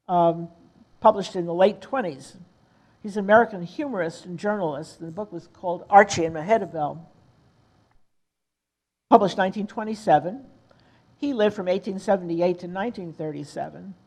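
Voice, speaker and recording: An older woman reading poetry aloud in a measured way at a retirement community. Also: medium pitch, a little mellow, poor audio. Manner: slow, measured recitation. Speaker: resident reader.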